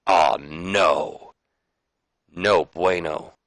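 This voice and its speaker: A man's voice: low-pitched, fairly even intonation, drawn-out words, a bit bright, dry recording, low-quality recording. A man casually commenting on a wrestling management game, chatty and prone to swearing. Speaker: gameplay commentator. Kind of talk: casual let's-play commentary.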